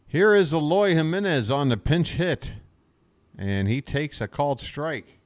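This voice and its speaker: A man doing live fan play-by-play of a baseball game, chatty and wisecracking, talking back to viewers in chat between pitches. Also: unhurried.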